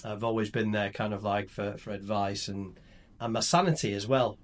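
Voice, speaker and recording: Relaxed low-voiced man. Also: moderate pace. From England. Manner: relaxed, rambling storyteller with restarts. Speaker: company CEO and founder. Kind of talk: casual podcast chat.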